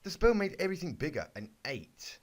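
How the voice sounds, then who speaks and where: A young man giving a halting, deadpan comedic reading of a bad fanfic. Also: on the high side. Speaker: YouTuber reading fanfic aloud. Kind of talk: mock-serious comedic reading.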